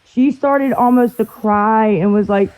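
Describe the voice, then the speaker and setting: A woman's voice: on the high side, a little slow, darkish tone. A woman in her late thirties talking emotionally in a casual livestream chat, full of "like" fillers. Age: 30s. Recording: tinny phone-line sound.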